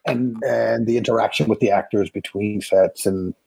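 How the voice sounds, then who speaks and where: A man with a slightly husky voice speaks in a casual, reflective way, circling back and restarting as he thinks. The recording is dry and close-miked. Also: on the low side, steady tone, dark tone, dry recording. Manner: thoughtful, halting, many restarts and fillers. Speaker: actor being interviewed. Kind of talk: casual conversation.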